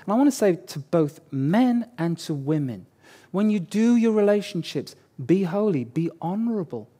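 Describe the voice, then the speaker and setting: A man's voice: sits high, big pitch swings, normal speed, mellow, husky. A man preaching a sermon as pastor, conversational and joking, repeating key words for emphasis.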